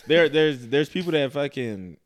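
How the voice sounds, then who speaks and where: A man's voice: fairly high pitch, animated, moderate pace. A man, a soldier, talking bluntly and profanely in casual chat.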